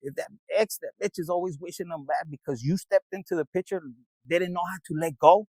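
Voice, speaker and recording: A man's voice: high-pitched, brisk, a little mellow, no room sound, rough recording. A man giving a casual tarot reading, rambling and streetwise, swearing freely as he talks to viewers. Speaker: tarot reader.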